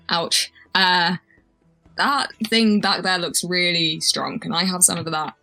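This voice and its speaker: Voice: medium pitch, fairly even intonation, slow pace, creaky, pushed and bright, faint music behind, rough recording. A player in a live tabletop game, chatty and giggly, acting out the character's actions. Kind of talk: casual tabletop play.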